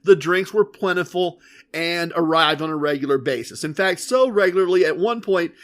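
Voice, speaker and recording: A man hosting a podcast, telling a story in a casual, animated and emphatic way. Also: on the high side, normal speed. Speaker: podcast host.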